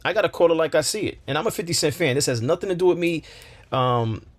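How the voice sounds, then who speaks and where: A man's voice: on the high side, expressive, fast. A man hosting a commentary channel, speaking with passion, firing rhetorical questions and repeating phrases for emphasis. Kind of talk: opinion commentary monologue.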